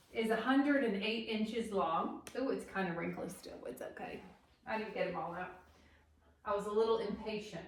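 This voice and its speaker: A woman's voice: mid-range voice, a little hiss or hum. Middle-aged woman, home vlogger; blunt, folksy, chatty. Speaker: home decor YouTuber. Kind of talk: casual decorate-with-me vlog.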